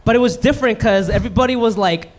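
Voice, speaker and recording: A man co-hosting a live podcast on stage, talking into a microphone, animated and teasing in banter with his guests. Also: sits high, fast talker. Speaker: podcast co-host.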